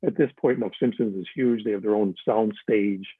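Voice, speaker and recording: A man's voice: fairly low pitch, moderate pace, husky, no room sound. An older man chatting as a guest, telling stories animatedly and slipping into other voices for quotes. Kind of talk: casual storytelling chat. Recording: dry, tinny phone-like line.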